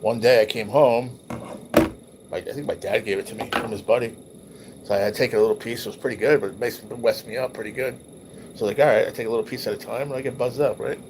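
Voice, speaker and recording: A man's voice: medium pitch, fairly even intonation, quick pace, background noise. A man hosting a livestream, reminiscing casually over old photos in a loose, rambling, profane way. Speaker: livestream host.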